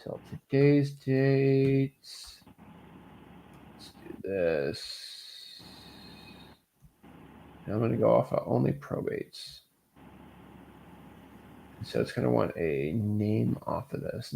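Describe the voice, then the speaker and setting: A man's voice: mid-range voice, slow, creaky, pauses often, darkish tone, a little hiss or hum. A man hosting a casual live coaching Q&A, talking in a loose, rambling, upbeat way with lots of fillers. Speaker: real estate wholesaling coach and host.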